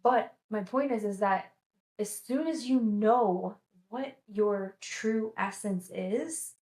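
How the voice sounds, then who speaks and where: A woman telling a casual, animated story as a vlogger, full of "like" fillers and acted-out quotes. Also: mid-range voice, takes it slowly. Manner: chatty, animated, lots of "like" fillers, acts out quotes. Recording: echoey room.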